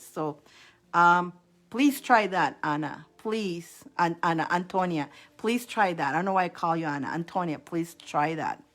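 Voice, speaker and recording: A woman giving live-stream tarot readings, chatty, repeating names and laughing often between readings. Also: medium pitch. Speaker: tarot reader.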